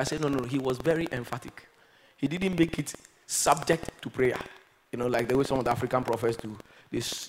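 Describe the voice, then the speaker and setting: A man preaching a sermon, moving between quiet, reflective passages and loud, emphatic exhortation. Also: a little high, slight background noise, rough recording. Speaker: pastor.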